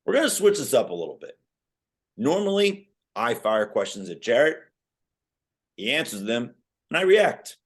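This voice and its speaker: Lively young man hosting sports chat. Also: mid-range voice, moderate pace, long pauses. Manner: lively, quizzing his co-host. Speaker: podcast co-host.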